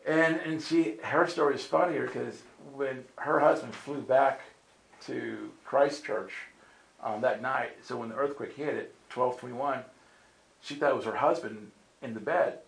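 A man preaches a storytelling sermon to a live audience, his medium-pitched voice unhurried and touched with vocal fry. He voices the story's characters himself, and the meeting room sounds roomy and hall-like.

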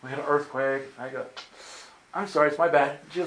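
Animated male preacher in a roomy hall. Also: a little high, brisk. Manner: animated storyteller acting out voices. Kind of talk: storytelling sermon. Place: meeting room with audience.

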